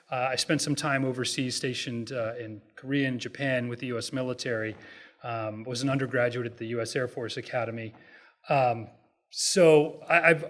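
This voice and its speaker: A middle-aged man giving a talk as an economist at a hotel event, relaxed and self-deprecating, with halting restarts and jokes. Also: medium pitch. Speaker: guest speaker, economist. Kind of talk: public lecture with jokes.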